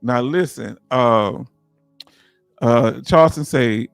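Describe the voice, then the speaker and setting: A man with a Southern US accent hosting a casual livestream, talking in an animated, preachy way and firing off rhetorical questions to his viewers. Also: on the high side, moderate pace, no room sound, clean studio sound, faint music behind. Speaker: livestream host.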